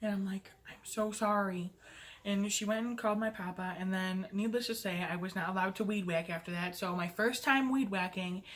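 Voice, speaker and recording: A woman's voice: medium pitch, brisk, few pauses, fairly bright tone. A young adult woman vlogger telling a casual storytime. She is chatty and playful, pokes fun at herself, and leans on "like" as she talks. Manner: chatty, fills talk with "like"; playful and self-mocking.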